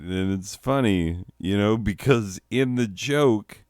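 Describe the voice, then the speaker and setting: A man's voice: low-pitched, lively intonation, unhurried, few pauses, no echo, studio quality. A man delivering a crude, rambling comedy monologue, laughing at his own jokes and slipping into silly voices. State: recovering from nausea. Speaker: comedy podcaster.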